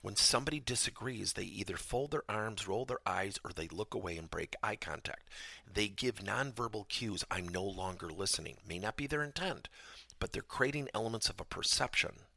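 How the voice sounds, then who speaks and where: A man hosting a podcast lesson, telling stories with animated delivery and acting out both sides of conversations. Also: lowish voice, normal speed, creaky, no echo. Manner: animated storytelling, acts out dialogue in raised voice. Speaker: podcast host and trainer.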